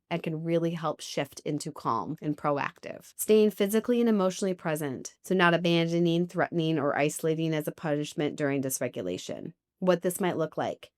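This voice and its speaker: A woman therapist giving calm, measured advice, setting out her points one by one in a steady way. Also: deep voice.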